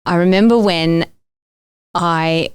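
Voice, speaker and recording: Lower-pitched middle-aged woman. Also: slow, smooth, no room sound. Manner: lively, teasing storyteller. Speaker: podcast co-host. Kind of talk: casual nostalgic chat.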